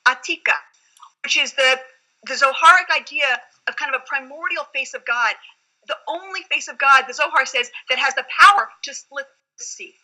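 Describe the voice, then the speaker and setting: Bright, high-voiced woman rabbi teaching. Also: moderate pace, poor audio. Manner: earnest, reflective teaching tone. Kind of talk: Torah study conversation.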